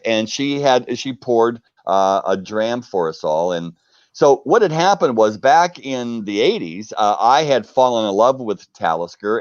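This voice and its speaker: A middle-aged man from the United States, a guest on a live video chat, telling stories in a casual, animated way and acting out the quotes. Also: lowish voice, no echo, lo-fi sound. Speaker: interview guest. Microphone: video call.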